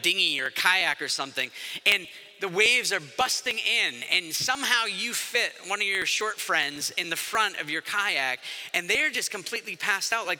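Male pastor, high and very bright voice, lively sermon delivery, long hall reverb. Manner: animated, acts out quoted voices.

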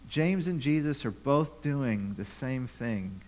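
A man's voice: mid-range voice, animated, takes it slowly, a little mellow, rough recording. A pastor preaching a conversational sermon to his church, with rhetorical questions and repeated phrases.

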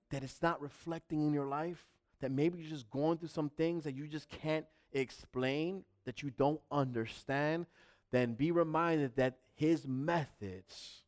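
Male preacher, high clear voice, fervent sermon delivery with repetition.

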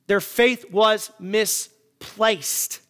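A man's voice: high-pitched, fairly even intonation, extremely slow, sharp tone, clean tone, long reverb tail. A male pastor preaching a sermon to his congregation, emphatic and full of rhetorical questions.

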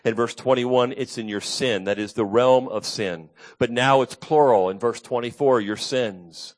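A man's voice: medium pitch, measured pace. Earnest man preaching a sermon. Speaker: pastor. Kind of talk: expository sermon.

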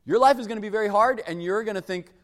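A man preaching a sermon, emphatic and animated, dropping suddenly to a hush for weight. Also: high voice, fast, long reverb tail. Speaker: pastor.

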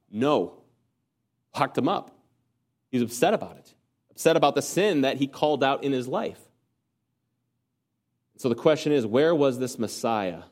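A man preaching a sermon, earnest, asking rhetorical questions and swinging from emphatic peaks to quiet low passages. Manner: asks the congregation rhetorical questions.

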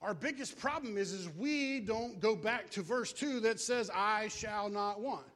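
A man preaching a sermon, animated and joking, out of breath as he moves about with props. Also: sits high, unhurried. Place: church.

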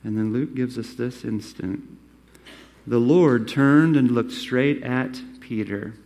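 A man preaching a sermon, acting out quoted lines and swinging between loud, emphatic phrases and hushed ones. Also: mid-range voice, slow. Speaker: pastor.

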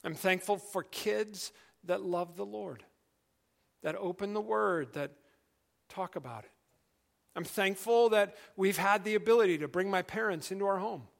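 A middle-aged male pastor preaching a sermon in an earnest, conversational way, dropping to quiet emphasis. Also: high-pitched, unhurried, vocal fry.

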